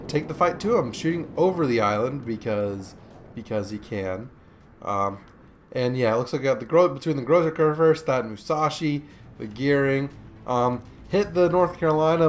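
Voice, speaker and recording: A man casually commentating a warship game replay, joking and chatty with many fillers, sleepy from recording in the morning. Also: mid-range voice. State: sleepy, yawning. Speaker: gameplay commentator.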